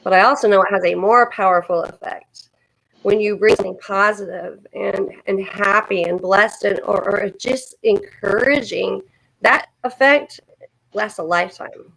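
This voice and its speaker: Woman stream co-host, gravelly, earnest, repeats for comfort. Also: mid-range voice, moderate pace, fairly bright tone, poor audio. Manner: earnest, encouraging, repeats herself. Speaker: livestream co-host. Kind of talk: casual supportive chat.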